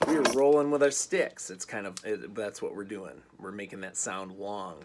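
A man teaching an online music lesson for children, patient and clear, leading rhythm chants and songs. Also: lowish voice. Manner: slow, patient, sings and chants rhythm games.

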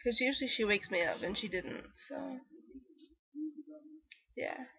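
A woman's voice: mid-range voice, animated, fast, bright, forceful tone, husky, no room sound. A young woman chatting casually on a home vlog, sleepy and rambling with lots of fillers. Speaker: vlogger. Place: bedroom at home. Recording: dull lo-fi webcam audio.

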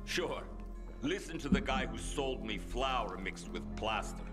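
Man voicing a distrustful water merchant, gruff, complaining, lively pitch, game music behind. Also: unhurried, lightly acted. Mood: grumbling.

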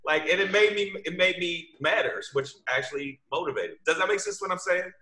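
A man's voice: high-pitched, fairly quick, pushed and bright, reverberant. A man, a fighter guest on a podcast, talking emphatically and swearing. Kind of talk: casual chat on a video call.

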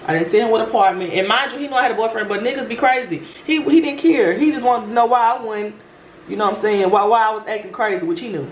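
Woman vlogger, brash profane storytime, fairly high voice, roomy echo, faint background hiss. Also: quick pace. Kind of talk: storytime chat. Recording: roomy room with faint noise.

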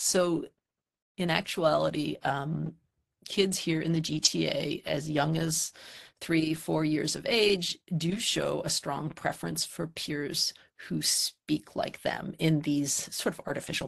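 A middle-aged researcher from the United States gives a public lecture in a plain, conversational way. The voice has a heavy gravelly fry and a husky, breathy edge, and stays candid and earnest throughout. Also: mid-range voice.

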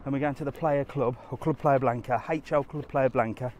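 A man talks to his live audience while strolling a sunny seaside resort, chatty and down-to-earth. His voice sits at an ordinary middle pitch. Faint street and traffic sounds carry behind him. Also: steady tone, fairly quick, a little mellow. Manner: chatty, down-to-earth, answers viewer questions while walking. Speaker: travel vlogger answering live chat. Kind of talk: casual live-stream walking vlog.

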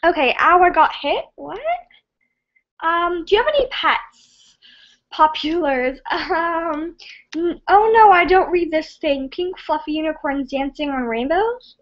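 A woman hosting a casual live stream, reading viewer comments in an excitable, scattered and giggly way. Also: extremely high pitch, unhurried, highs cut off.

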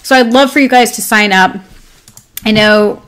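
A woman's voice: on the high side, normal speed, a bit bright, slight background noise. A woman coaching pet groomers in a casual live class, chatty and upbeat, rambling with plenty of fillers. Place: home with her dog nearby.

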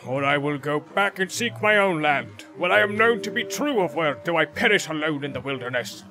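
A man's voice: on the high side, expressive, normal speed, pitched above the performer's own voice. Man voicing a stubborn, defiant dwarf warrior. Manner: gruff, defiant, forceful delivery. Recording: background music.

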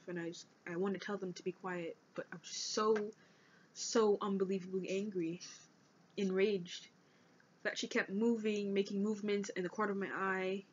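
An eighteen-year-old woman vlogging about her own life, speaking earnestly and haltingly as she reads from notes. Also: mid-range voice, a little hiss or hum. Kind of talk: personal confessional vlog. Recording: dull lo-fi recording.

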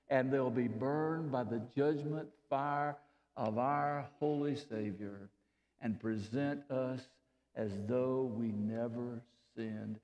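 A man with a Southern US accent preaching a sermon as pastor, swinging between loud, fervent build-ups and low, quiet passages. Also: gravelly, muffled recording. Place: church sanctuary. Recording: reverberant church hall.

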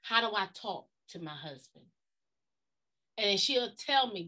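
A woman's voice: medium pitch, big pitch swings, fast talker, bright, forceful tone, breathy edge. A woman co-pastor giving a preaching-style talk on a livestream, emphatic, folksy and blunt, leaning on repeated catchphrases.

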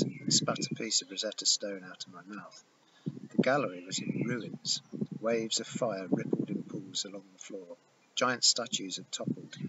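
A man reading a first-person novel aloud in a steady storytelling manner. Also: on the low side. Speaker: audiobook reader. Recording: dull lo-fi with hiss.

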